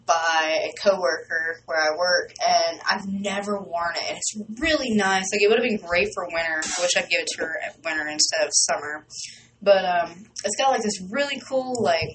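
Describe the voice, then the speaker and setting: A young woman DJ in a small radio studio, chatting casually and gushing excitedly, with lots of fillers as she rambles. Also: fairly low pitch. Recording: distant mic with faint background noise.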